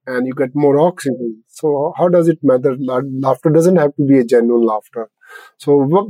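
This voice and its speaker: An older man speaks as a podcast guest, laughing often as he explains things in simple terms. His voice is warm and mellow, pitched a little high for a man. The recording is dry and close. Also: no echo, rough recording. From India. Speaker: laughter yoga founder, guest. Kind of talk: podcast interview.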